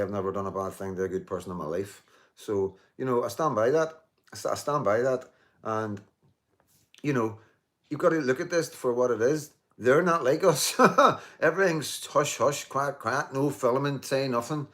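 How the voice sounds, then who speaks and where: Fifties guy rambling live to his chat, lower voice, keeps repeating himself, swears a bit. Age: 50s. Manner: emphatic, repeats himself, many restarts and "you know"; swears and jokes with commenters. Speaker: livestream host reading viewer comments. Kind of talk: casual live-stream chat.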